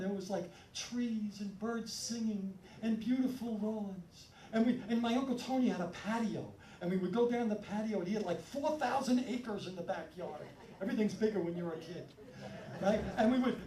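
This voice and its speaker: A man from Brooklyn doing a stand-up set, telling stories in a punchy, animated way. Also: high voice. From Brooklyn, New York. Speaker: stand-up comedian. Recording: roomy live sound from a distance. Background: audience laughter.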